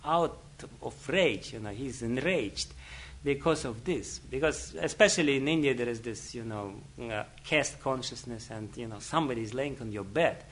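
A man's voice: medium pitch, normal speed, hardly any pauses, fairly bright tone. A man giving a spiritual talk, telling a story and chuckling often, with many "you know"s. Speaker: spiritual teacher. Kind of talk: storytelling lecture.

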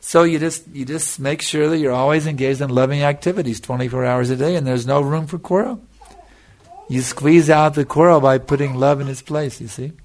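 A man's voice: medium pitch, a little hiss or hum. An older man giving a devotional lecture as a spiritual teacher, earnest and repeating himself for emphasis, answering a listener's question.

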